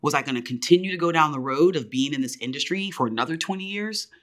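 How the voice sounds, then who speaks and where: A woman's voice: deep voice, expressive, quick pace. A woman around forty, a business owner, telling her story as a guest in a podcast interview and acting out the voices of people she quotes.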